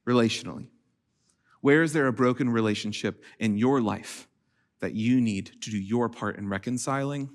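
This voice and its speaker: A man in his thirties preaching a sermon as pastor, shifting from quiet storytelling to raised, emphatic delivery. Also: mid-range voice, moderate pace. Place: church stage.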